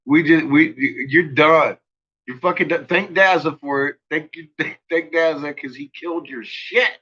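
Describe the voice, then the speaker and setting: Husky guy on a dull lo-fi stream, rambling and cussing and laughing a lot. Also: a little high, measured pace, sharp tone. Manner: rambling, profane, laughs often. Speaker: channel host. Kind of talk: casual livestream chat.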